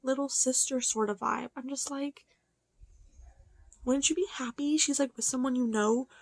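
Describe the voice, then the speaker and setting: A young woman chatting casually about a book in a reading vlog, excitable and full of fillers, swinging between hushed asides and loud outbursts. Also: high voice, moderate pace, no echo. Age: young adult. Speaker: book vlogger.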